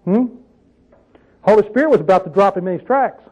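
A man's voice: high-pitched, lively intonation, brisk, darkish tone, breathy edge, muffled recording. A man preaching an informal Bible teaching, conversational, often asking his listeners questions and telling folksy stories. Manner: conversational, asks the audience questions, tells folksy asides.

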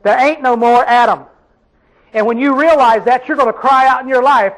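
A man preaches a sermon in a rural Southern American accent, his voice sitting unusually high for a man. He talks in a folksy, emphatic way, throwing questions out to the congregation and pressing his points home. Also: moderate pace, a bit bright, rough recording.

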